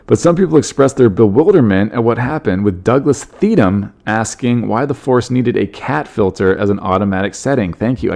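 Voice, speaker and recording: Male podcast host, dark and gravelly voice, fairly low, wry jokes about the news. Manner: wry, joking asides, laughs at his own bits. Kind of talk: comedic news commentary.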